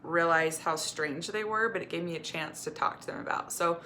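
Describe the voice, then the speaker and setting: A woman's voice: lowish voice, normal speed, bright, forceful tone, a little hiss or hum. A woman recovery coach giving candid, earnest personal advice to camera. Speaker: eating disorder recovery coach.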